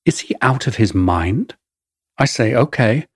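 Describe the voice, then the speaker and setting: Husky English man narrating his memoir. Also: medium pitch, lively intonation, dry recording, clean studio sound. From England. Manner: wry, measured storytelling. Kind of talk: first-person memoir narration.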